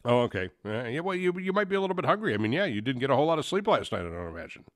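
A man's voice: mid-range voice, very animated, rapid-fire, no echo, clean studio sound. A man hosting a sports talk show, talking casually and rambling with many fillers and restarts. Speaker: sports radio host.

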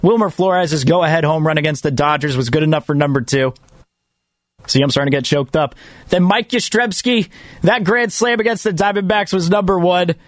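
A man hosting sports talk radio in a slightly high voice, excitable and quick to poke fun at himself. He repeats phrases as he goes, and the sound is dry and close. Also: dry recording.

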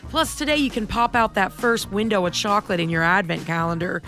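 A woman radio host telling a family story in animated casual chat, acting out the quotes. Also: medium pitch, brisk, soft background music. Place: radio studio.

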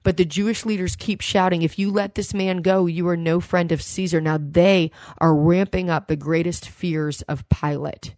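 A woman with a fairly low voice preaches a sermon, recorded close and dry with no room sound. She reads scripture aloud and retells it in an easy, conversational way. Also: steady tone, normal speed, few pauses, darkish tone, no echo.

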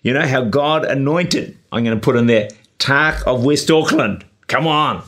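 A man preaches a sermon, urging his listeners on in an earnest, exhorting way. His voice is gravelly and husky, with many small "uh" and "you know" fillers. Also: medium pitch, unhurried, fairly bright tone. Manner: earnest, exhorting, with frequent 'uh' and 'you know'. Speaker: pastor and radio preacher. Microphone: camera-recorded sermon.

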